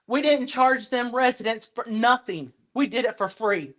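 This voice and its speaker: A woman's voice: a little high, moderate pace. Passionate woman bus driver. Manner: passionate, plain-spoken, defiant. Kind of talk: public comment at a board meeting.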